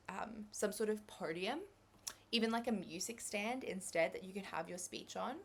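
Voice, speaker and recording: Young aussie woman giving an exam prep lecture, chatty and upbeat, average pitch. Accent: Australian. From Australia. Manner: upbeat, chatty, gives tips with examples and light laughs. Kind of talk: recorded revision lecture.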